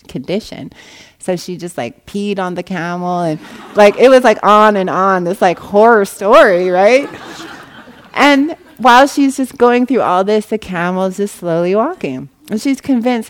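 Low-voiced woman telling a story. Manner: animated storyteller, acts out quoted voices with rising pitch. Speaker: meditation teacher. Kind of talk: dharma talk storytelling. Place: meditation hall.

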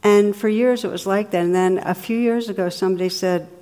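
A woman's voice: medium pitch, fairly even intonation, fairly quick. A middle-aged woman, a meditation teacher, giving a dharma talk and telling funny stories with a laugh in her voice. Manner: warm storytelling, laughs at her own jokes. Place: meditation hall with audience.

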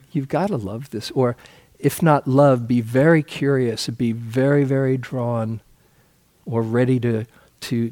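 Man, meditation teacher, unhurried dharma talk, mid-pitched, relaxed anecdotes. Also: no room sound. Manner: relaxed storytelling with soft laughs.

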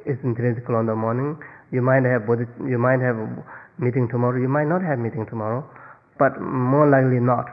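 A Buddhist meditation teacher giving a dharma talk in simple, non-native English, playfully acting out little everyday scenes. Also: male voice, medium pitch, fairly even intonation, brisk. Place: meditation retreat hall. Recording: tinny lo-fi recording with long hall reverb.

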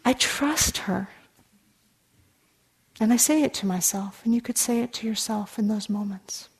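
A woman meditation teacher gives a dharma talk to her students. Her voice sits at an ordinary pitch, and her delivery is earnest and conversational. She pauses on easy fillers and now and then drops into a soft aside. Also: fairly even intonation, slightly rough.

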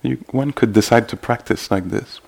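A man giving a meditation dharma talk at a retreat, halting and full of gentle fillers. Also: mid-range voice, creaky. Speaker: meditation teacher.

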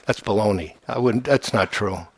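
A man voicing his father as a gruff, dismissive dad who brushes off claims. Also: on the low side, moderate pace, no echo. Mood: scoffing.

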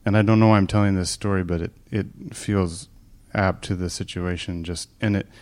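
A man with a very deep voice shares a personal story with a meditation group. He speaks softly and haltingly, and sometimes breaks off mid-thought as emotion comes through. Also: fairly even intonation. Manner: halting, soft-spoken, emotional. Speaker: group participant sharing a story.

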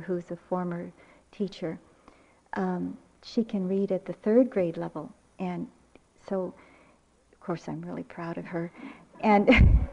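An older woman giving a dharma talk as a meditation teacher, with reflective, unhurried storytelling. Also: mid-range voice, warm tone. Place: retreat center meditation hall. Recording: muffled lecture recording.

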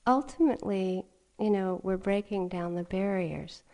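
A middle-aged woman giving a dharma talk as a meditation teacher, gentle and often laughing softly as she tells stories. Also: medium pitch, measured pace. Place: retreat meditation hall.

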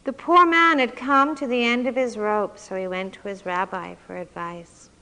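Woman, meditation teacher, dharma talk, slow reflective delivery, bright voice, slightly high pitch, long hall reverb. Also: fairly even intonation, smooth.

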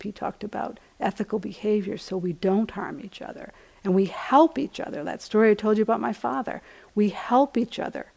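A woman teaching meditation in a relaxed, conversational dharma talk, filling her speech with small "you know"s. Her voice sits at a middling pitch for a woman and has a gravelly, creaky texture. The talk is given at a retreat center. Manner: gentle, conversational, many "you know" fillers.

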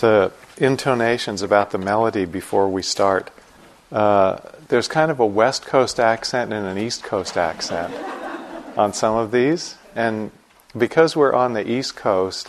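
Slow, low-voiced male meditation teacher. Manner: unhurried, gently joking. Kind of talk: retreat morning instructions. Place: meditation retreat hall.

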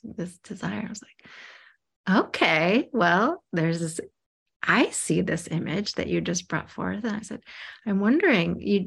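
Woman, meditation teacher type, telling a story in a halting, hushed way; slow delivery. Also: mid-range voice, vocal fry, husky. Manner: halting, soft-spoken, often drops to a whisper. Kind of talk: reflective storytelling.

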